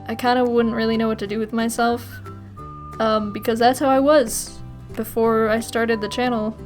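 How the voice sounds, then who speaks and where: A young woman with a fairly high voice chats through viewer questions in a loose, rambling way. She breaks into giggles often, and faint music plays underneath. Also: level tone, moderate pace. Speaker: YouTuber. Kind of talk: casual Q&A vlog.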